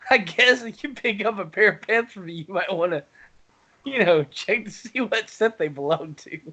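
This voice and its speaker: A man's voice: high-pitched, lively intonation, moderate pace, sharp tone, muffled recording. A man telling a rambling gaming story on a casual podcast, laughing often. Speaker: podcast co-host.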